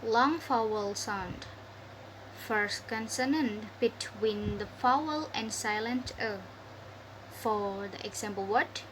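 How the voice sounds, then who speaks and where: A woman's voice: a little high, slow pace, a bit bright, a little hiss or hum, low-quality recording. A young woman with an Indonesian accent, a student presenting a pronunciation lesson, reading word lists and repeating each example. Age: young adult. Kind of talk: slow read-aloud lesson.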